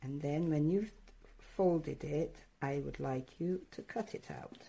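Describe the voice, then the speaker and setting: Slow, low-voiced woman art teacher. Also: creaky, breathy edge. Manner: encouraging, hesitant with many fillers; addresses children directly, excitable. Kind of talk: step-by-step craft lesson.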